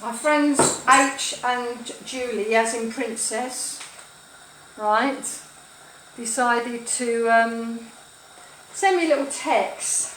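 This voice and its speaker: A woman's voice: on the high side, very slow, a little hiss or hum. A woman in her sixties, chatting and rambling through funny stories while cooking, mixing up her sayings as she goes. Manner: gossipy, rambling, mixes up sayings. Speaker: cooking vlogger. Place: home kitchen, food sizzling. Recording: echoey kitchen with loud frying.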